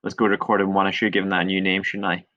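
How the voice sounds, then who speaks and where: A male teacher walking through a coding tutorial step by step, chatty and relaxed, shrugging off his own small mistakes. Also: sits low, racing. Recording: dull lo-fi screen recording.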